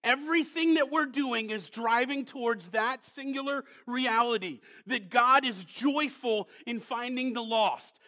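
A male pastor preaching a sermon, moving from hushed questions to loud, emphatic calls and reading scripture slowly. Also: extremely high pitch. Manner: slows down to read scripture with weight; asks the congregation many rhetorical questions.

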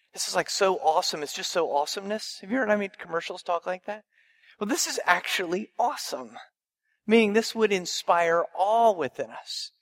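A man's voice: high-pitched, gravelly. A male pastor preaching a sermon, emphatic, with rhetorical questions and repeated phrases.

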